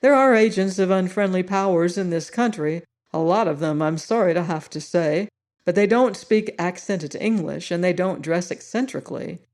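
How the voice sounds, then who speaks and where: A woman voicing a calm, shrewd male army colonel in an audiobook reading, low and matter-of-fact. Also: moderate pace, natural voice. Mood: measured.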